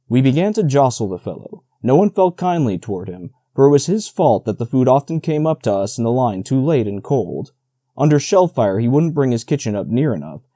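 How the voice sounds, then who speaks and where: A man narrating an audiobook in a steady, even storytelling manner, close to the mic. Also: medium pitch, dry recording. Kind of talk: scripted narration.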